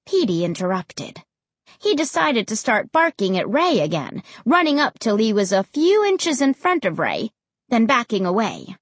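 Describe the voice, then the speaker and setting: A woman narrating a children's story as an audiobook reader, with an expressive, lively delivery. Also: fairly high pitch, normal speed, dry recording.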